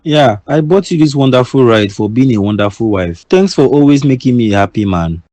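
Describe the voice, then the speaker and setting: A man voicing a loving, generous husband and father in a cartoon, calm and affectionate. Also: mid-range voice, a little fast, dry recording, lightly acted. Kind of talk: cartoon voice acting.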